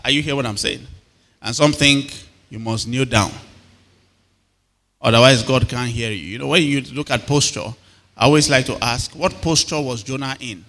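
Brief: Nigerian male pastor, bright forceful voice, engaging congregation with frequent questions, long hall reverb. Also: mid-range voice. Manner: call-and-response questions to the congregation. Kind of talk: sermon.

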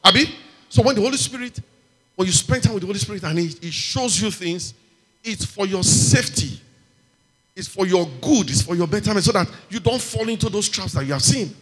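Man, preacher, high voice, animated sermon, shouted amens, long hall echo. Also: fairly quick, breathy edge.

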